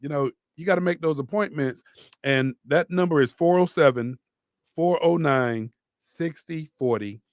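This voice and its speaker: A man co-hosting a radio talk show, animated and hyping a sponsor with emphatic repetition. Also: on the high side, measured pace, no room sound. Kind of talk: lively radio banter and live sponsor read. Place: radio studio.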